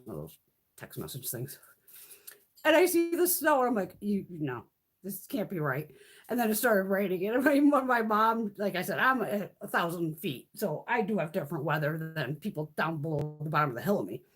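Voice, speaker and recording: A woman's voice: fairly low pitch, sing-song, normal speed, slightly rough. A woman in her fifties chatting casually on a live stream, rambling, swearing freely and laughing often. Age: 50s. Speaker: beauty vlogger hosting a live stream.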